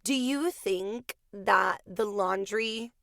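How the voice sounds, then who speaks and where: A young woman co-hosting a casual podcast, playful and jokey, at times squeaky. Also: very slow, vocal fry, sharp tone, no echo. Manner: playful, jokey, giggly, reads notes then riffs. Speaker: podcast co-host. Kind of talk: casual chat reading myth research.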